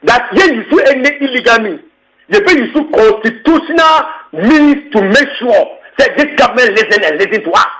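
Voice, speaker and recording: A man's voice: very high-pitched, animated, normal speed, sharp tone, poor audio. A man with a Ghanaian English accent, speaking as a tenants union leader in an impassioned, emphatic interview statement, repeating points and slipping into local phrases. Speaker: tenants union secretary general.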